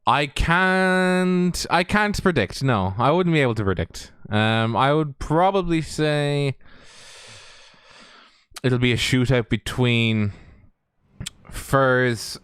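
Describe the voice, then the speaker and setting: Irish male co-commentator, dry teasing wit, smooth voice, close dry sound. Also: mid-range voice, lively intonation, slow, fairly bright tone, no echo. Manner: dry, teasing, short quips. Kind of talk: livestream race commentary.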